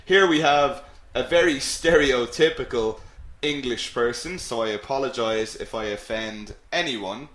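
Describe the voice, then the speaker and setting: A man's voice: medium pitch, a little slow, fairly bright tone, echoey room. An Irish man teaching English in a live webinar, upbeat and encouraging, repeating key phrases. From Ireland.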